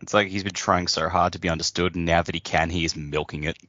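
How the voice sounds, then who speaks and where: A man with a low voice chats on a podcast, tossing in jokes and questions. The audio is dry and dull. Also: fairly even intonation, fast talker, sharp tone, no echo. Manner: jokey asides and questions. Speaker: podcast co-host. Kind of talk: casual chat.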